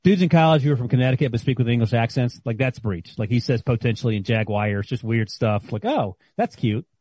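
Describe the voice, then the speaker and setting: Male co-host, mellow warm tone, relaxed and wry, dry studio sound. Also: mid-range voice, quick pace, dry recording. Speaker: podcast co-host. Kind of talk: casual sports chat.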